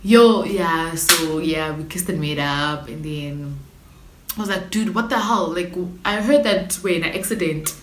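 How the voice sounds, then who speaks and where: Animated South African woman telling a story. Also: sits low, a little slow. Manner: animated, slangy storytelling with dramatic outbursts. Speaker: YouTuber. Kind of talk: storytime vlog. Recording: echoey room with faint noise.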